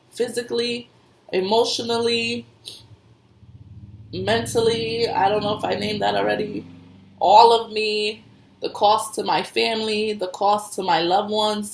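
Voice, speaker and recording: Woman giving spiritual advice, conversational, gravelly voice, roomy echo. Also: mid-range voice. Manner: conversational, repeats herself, laughs often. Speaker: intuitive reader and medium. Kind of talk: casual spiritual advice talk. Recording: echoey room.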